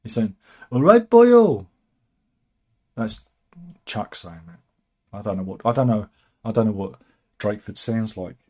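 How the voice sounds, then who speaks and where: A man's voice: fairly low pitch, fairly even intonation, normal speed, long pauses, darkish tone. A man hosting casual satirical news commentary, sardonic and rambling, with chuckling asides. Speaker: host of a satirical news channel.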